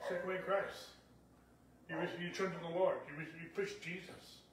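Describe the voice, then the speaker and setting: A man's voice: sits high, steady tone, moderate pace, echoey room, distant mic, slight background noise. A male pastor preaching a sermon in an emphatic, repetitive style, with frequent "okay?" checks to the congregation.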